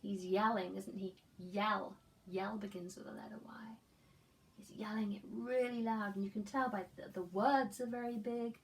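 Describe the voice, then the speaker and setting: A woman teacher reading a picture book to young children, asking gentle coaxing questions and dropping into whispers. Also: mid-range voice, steady tone, normal speed. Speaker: preschool teacher. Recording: distant mic with faint background noise.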